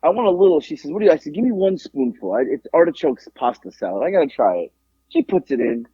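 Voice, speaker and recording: A husky-voiced man tells a story on a casual podcast, acting out every part of the exchange. His pitch jumps around a lot as he plays each character. The sound is dry and a little dull. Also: fast, dry recording. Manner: animated storyteller acting out both sides of a conversation. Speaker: podcast co-host.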